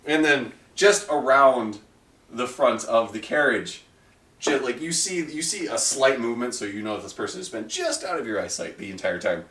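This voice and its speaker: A game master narrating a tabletop game, describing scenes in a lively, rambling way with many restarts. His voice rises and falls widely. The mic sits far off in a roomy space. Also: mid-range voice, normal speed.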